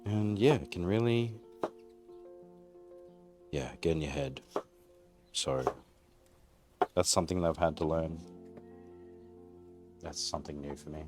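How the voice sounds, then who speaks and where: A man's voice: very deep voice, unhurried, long pauses, over music. An Australian man streaming live from his home garage, chatting casually and candidly in a rambling way while he cooks. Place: single-car garage at home.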